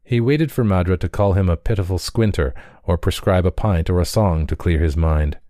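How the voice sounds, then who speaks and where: A man narrating a short story in a measured, steady way. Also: deep voice, no echo, studio quality. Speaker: audiobook reader.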